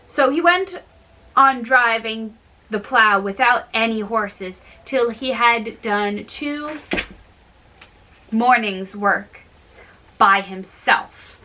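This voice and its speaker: A woman reading a fairy tale aloud slowly and carefully, with small slips. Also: fairly high pitch, expressive, bright, forceful tone, low-quality recording. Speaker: storyteller.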